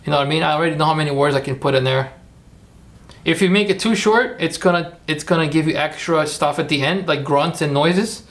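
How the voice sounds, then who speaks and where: Gravelly man thinking out loud. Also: on the high side. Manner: thinking aloud, rambling, self-correcting. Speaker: streamer making AI videos. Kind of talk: live-stream screen-work commentary.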